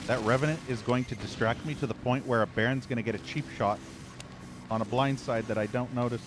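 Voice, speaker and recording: A man's voice: medium pitch, brisk, background noise. A man streaming a shooter game, giving live commentary with frequent profane, frustrated rants. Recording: game music and gunfire behind.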